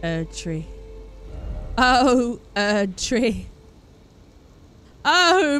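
A woman streamer giving excitable, exclamatory live gameplay commentary, swearing freely. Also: fairly high pitch, slow, long pauses, soft background music.

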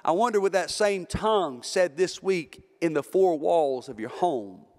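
A pastor preaching a sermon, with emphatic rises and drops and repeated phrases. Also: male voice, on the high side, lively intonation, a little slow, darkish tone. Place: church sanctuary. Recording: reverberant church hall.

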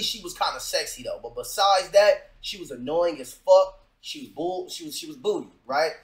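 Blunt, profane man reacting in a roomy space. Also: a little high. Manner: blunt, profane, talks straight to viewers. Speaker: reaction video host. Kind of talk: casual reaction commentary.

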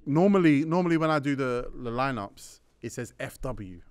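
A man hosting a casual football podcast, brisk and teasing as he introduces the panel. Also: medium pitch, expressive, a little mellow, clear, resonant tone, no echo.

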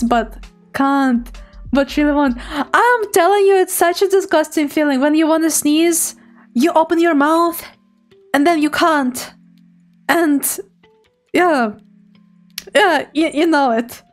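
A woman VTuber streamer chatting casually with her viewers, bubbly and giggly, teasing playfully between thank-yous. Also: high voice.

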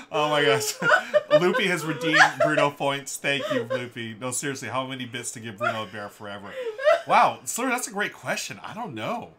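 Guy hosting a board game stream, keeps cracking up, super swingy voice, loud noisy background. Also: medium pitch. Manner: giggly, keeps breaking into laughter. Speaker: livestream host. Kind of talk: casual live-stream chat.

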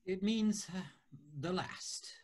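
Shy old builder guy, woman doing the voice, low and breathy, stammers a lot, radio play. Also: takes it slowly, a little mellow. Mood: gentle. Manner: hesitant, stammering. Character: gentle older male builder, shy and halting.

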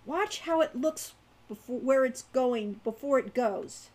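Al: woman reading a calm, reasoning companion. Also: on the high side, moderate pace. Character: calm, decisive magical companion.

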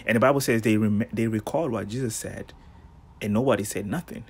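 Casting: man, husky voice, relaxed devotional preacher, lively storyteller. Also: fairly low pitch, brisk. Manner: animated storytelling, slangy asides, laughs. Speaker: devotional host. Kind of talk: casual devotional sermon.

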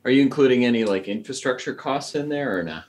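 A man's voice: mid-range voice, expressive, fast, a little mellow. A man hosting a casual interview, asking questions in an upbeat, encouraging way.

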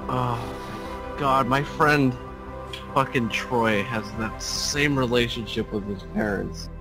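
A man's voice: medium pitch, slow, music in the background. A man in a voice chat reacts to stories with groans and profane exclamations. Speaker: listener in a voice chat. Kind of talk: casual chat.

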